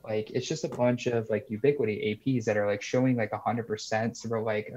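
A man's voice: fairly low pitch, steady tone, brisk, darkish tone. A young man calling in to tell a story in a casual, rambling way, full of "like" and "you know". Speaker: caller sharing a story. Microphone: video call. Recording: muffled lo-fi call audio.

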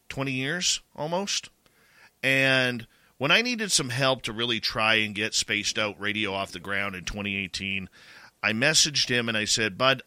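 A man's voice: mid-range voice, bright, forceful tone, no echo. A man with a Canadian accent hosting a radio talk show, chatting casually in a rambling way with many restarts. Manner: rambling, full of restarts and "you know".

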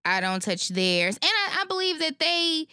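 At normal speed and in a high-pitched voice, a podcast co-host chats casually and spins anecdotes, animatedly voicing the people in them. Her clean studio audio has no echo.

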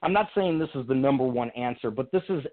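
A young man speaks over a thin, tinny phone line into a radio show, his pitch sitting in an ordinary middle range. He talks in a reflective, earnest way, stumbling and restarting as he works through his thoughts. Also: lively intonation, quick pace. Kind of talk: casual conversational storytelling.

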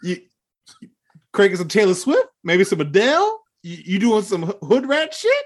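A podcast co-host chatting over a video call. The voice moves up and down a lot and sounds animated. It laughs often while setting up playful scenarios. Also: medium pitch, normal speed.

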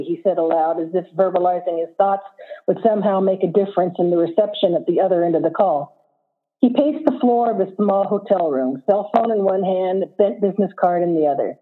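A woman author reading her own short story aloud as steady narration. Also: mid-range voice, moderate pace, husky. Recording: phone-like audio line.

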